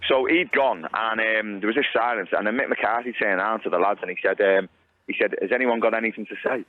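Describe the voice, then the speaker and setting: A man, a former footballer, telling relaxed, halting anecdotes as a radio guest. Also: fairly low pitch, no echo, narrow, tinny audio. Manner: relaxed storyteller, halting with fillers.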